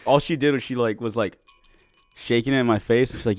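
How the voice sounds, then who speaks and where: Male podcast co-host, quick and laid-back, casual swearing, dry close mic. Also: medium pitch, dry recording. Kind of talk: casual chat.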